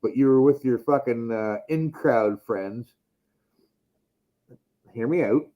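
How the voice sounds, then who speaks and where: A man's voice: mid-range voice, slow, lo-fi sound. A man hosting a casual podcast chat, rambling and swearing heavily. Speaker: podcast host.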